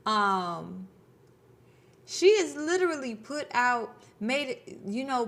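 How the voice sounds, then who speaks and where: A woman's voice: fairly high pitch, a bit bright. A woman in her thirties talking casually to her viewers, blunt and preachy, swearing freely. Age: 30s. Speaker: spiritual channel host. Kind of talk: casual spiritual talk to camera.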